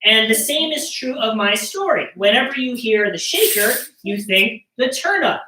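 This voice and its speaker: Bright-voiced playful woman teaching kids. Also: fairly high pitch, lively intonation, moderate pace. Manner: playful, jokey, talking to kids. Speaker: children's percussion storyteller. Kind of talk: live-streamed teaching for children. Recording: roomy sound, mic at a distance.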